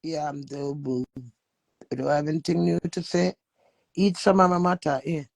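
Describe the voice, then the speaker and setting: A woman's voice: sits low, normal speed, vocal fry, darkish tone, no room sound. A Jamaican woman hosting a live stream, ranting brashly, swearing, and talking back to viewers. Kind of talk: casual live-stream rant.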